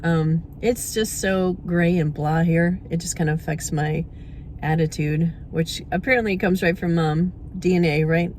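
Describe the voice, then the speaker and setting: A chatty middle-aged woman vlogging on a handheld camera, her voice sitting a little low. She talks casually and slips into cooing baby talk with her dog. A faint hum of noise runs under her voice. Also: fairly even intonation, measured pace, a little mellow. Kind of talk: casual vlog chat.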